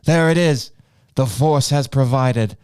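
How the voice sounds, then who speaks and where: A man's voice: medium pitch, a little slow, a little mellow, clean tone, no echo, close to an everyday voice. A man voicing an evasive older male Jedi master with a gambling habit, making dry excuses in a comedy sketch read aloud on a podcast. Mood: flustered.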